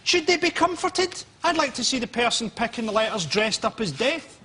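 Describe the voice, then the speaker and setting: A man with a high, lively voice trades cutting, crude jokes on a comedy panel. He swoops up and down as he talks. The studio broadcast carries heavy background noise. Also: moderate pace. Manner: dry, biting, crude jokes. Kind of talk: comic panel banter. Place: TV studio with audience.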